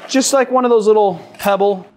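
A man's voice: sits high, a little fast, faint music behind. A man from the Boston area hosting a cocktail show, chatty and rambling as he mixes and tastes drinks. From Boston area, USA. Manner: chatty, rambling, animated asides. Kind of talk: casual cocktail-making demo.

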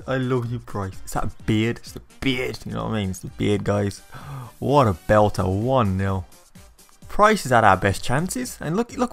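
A young man talks over his football game, cheering and groaning at his players as his pitch leaps around. He sounds excitable and chatty. Faint game music plays underneath. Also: moderate pace, vocal fry. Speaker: gaming YouTuber. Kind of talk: live gameplay commentary.

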